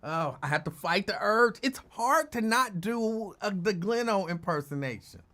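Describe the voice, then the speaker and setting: A man's voice: sits high, expressive, moderate pace, sharp tone. A man hosting his own show, telling rambling stories in a casual chat and laughing often. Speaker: show host.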